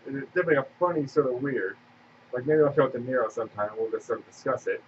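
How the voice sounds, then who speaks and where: A man co-hosting a casual podcast, answering viewer questions in a quick, offhand way. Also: medium pitch. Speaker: podcast co-host. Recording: tinny, distant phone-like line with faint hiss.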